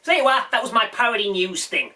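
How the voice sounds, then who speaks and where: A man's voice: high-pitched, animated, quick pace, sharp tone, recorded from a distance. A man talking casually and hesitantly, picking apart his own work. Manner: self-critical, hesitant. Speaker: comedian. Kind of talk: casual aside to camera. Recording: echoey room, off-mic.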